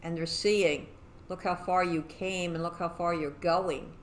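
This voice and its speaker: Effusive female talk host with a lowish voice, relaxed interview chat. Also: measured pace, a little hiss or hum. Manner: effusive, complimentary.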